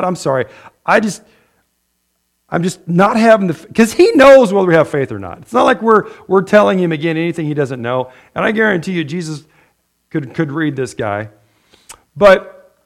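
A man's voice: sits high, gravelly. A middle-aged man preaching a sermon in a loose, conversational way, full of fillers and restarts, acting out people's prayers. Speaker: pastor.

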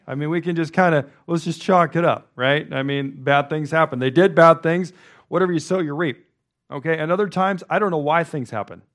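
A man's voice: on the high side, fairly quick, a bit bright. A male pastor giving a loose, conversational sermon, wandering through asides and restarting his sentences often.

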